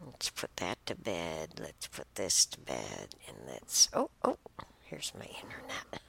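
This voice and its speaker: A woman's voice: a bass voice, huge pitch swings, gravelly, fairly bright tone, breathy edge, in a whisper. A woman reading posts aloud and commenting casually, emotional and exclamatory, sighing and stumbling over her laptop. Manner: emotional, exclaims and sighs, reads aloud haltingly.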